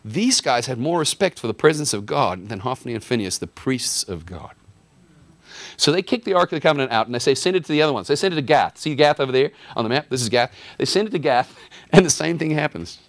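A man's voice: medium pitch, expressive, a little fast, no room sound. A man teaching a casual Bible lesson from a map in an enthusiastic, chatty way, with fillers and restarts.

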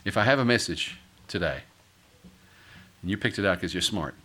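A middle-aged male pastor preaching a sermon, acting out quoted voices and building to loud, forceful peaks. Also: low voice, animated, moderate pace. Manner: dramatic, acts out quoted voices, rises to shouting peaks.

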